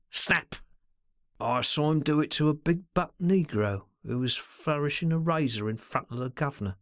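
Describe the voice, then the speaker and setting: Brief: high, lively sly henchman, sneering and slangy, as a male narrator puts him on. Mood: menacing. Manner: slangy, sneering, drawn-out remarks. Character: sly, stealthy male secretary, cold menace.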